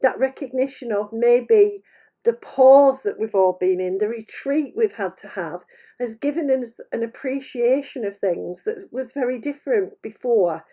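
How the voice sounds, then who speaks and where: A woman working as a psychic medium, passing on channelled spiritual messages in a gentle, hesitant way, a little wheezy and breaking into laughter often. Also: fairly high pitch, a little slow. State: wheezy, clearing her chest. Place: at home.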